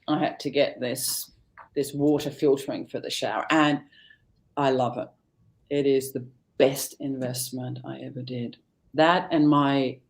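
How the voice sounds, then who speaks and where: A middle-aged woman, a guest on a live talk show, chatting casually and acting out family conversations as she tells them. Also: rumbling low. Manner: animated storyteller, acts out family dialogue. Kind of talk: casual chat.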